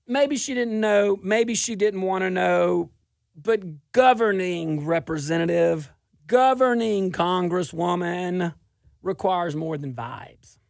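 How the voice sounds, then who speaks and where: A middle-aged South Louisiana man hosts a political talk show in a high, gravelly voice. His monologue is animated and sarcastic, and he often laughs at his own points. The recording is dry and close, without echo.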